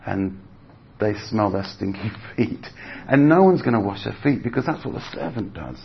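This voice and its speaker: A man's voice: on the low side, expressive, moderate pace, creaky, husky. A man preaching a sermon in a chatty, conversational way, acting out voices as he retells stories. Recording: slightly dull audio with faint background noise.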